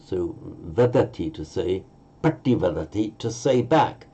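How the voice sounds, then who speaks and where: A man's voice: low voice, animated, unhurried, dark tone, husky. A man teaching a language lesson, thinking aloud, correcting himself and using many fillers.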